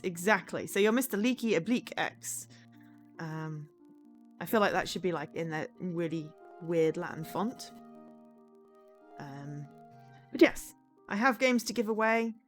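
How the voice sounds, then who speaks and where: A woman chatting casually on a live charity gaming stream, rambling with lots of ums. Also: lowish voice.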